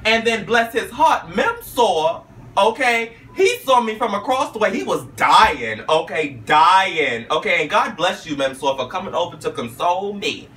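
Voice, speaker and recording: A man telling a story in a vlog with flamboyant, sassy flair, peppering his talk with "okay?" and "honey" and jumping into high squeals for his own quotes. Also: sing-song, unhurried, pushed and bright, far from the mic. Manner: jumps into high squeals when quoting himself. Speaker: vlogger recounting a talk show visit.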